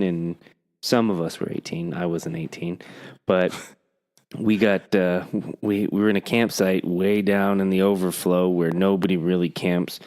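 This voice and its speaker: A man's voice: low voice, darkish tone, clear, resonant tone. A man co-hosting a podcast, chatting casually and telling rambling stories in a blunt, profane way. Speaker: podcast co-host; coach. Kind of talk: casual chat.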